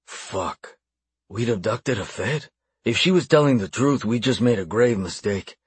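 A man narrating a dark romance audiobook in a low, hushed, measured first-person voice. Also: expressive, breathy edge, dry recording.

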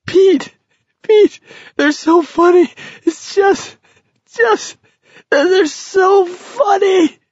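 A man voicing an exhausted young man who laughs hysterically, shrill and gasping as though near weeping. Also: drawn-out words, dry recording, heavily acted. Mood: hysterical laughter. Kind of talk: audiobook character voice. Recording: dull lo-fi recording.

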